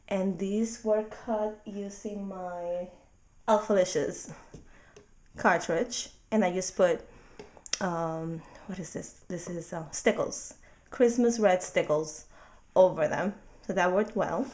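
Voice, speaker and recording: A woman's voice: medium pitch, slight background noise. A woman in her thirties casually talking through a handmade craft project at home, chatty and hesitant, with frequent ums and restarts. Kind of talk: casual show-and-tell tutorial.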